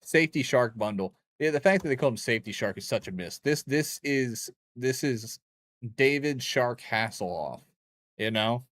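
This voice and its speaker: A man's voice: mid-range voice, lively intonation, moderate pace, a bit bright, no echo. A young man streaming a game, rambling and joking with chat in a loose, crude way. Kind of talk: casual gaming stream chat.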